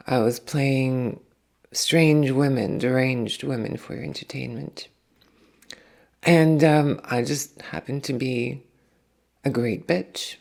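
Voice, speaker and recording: A woman's voice: a bass voice, vocal fry, darkish tone, full character voice. A woman speaking as the spirit of an old Hollywood film actress, confiding and self-justifying in the first person.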